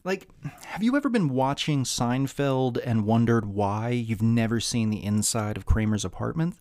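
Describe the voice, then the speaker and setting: This Southern podcast host talks in an expressive, medium-pitched, darkish voice at a moderate pace. His casual monologue carries a slight regional accent and a wry, candid, sardonic edge, with frequent ums and asides that trail off.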